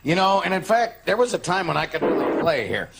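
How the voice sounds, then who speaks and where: A man's voice: high voice, big pitch swings, fairly quick, gravelly, over loud music. A man hosting a late-night horror movie show, rambling through playful stories and jokes in loose studio banter.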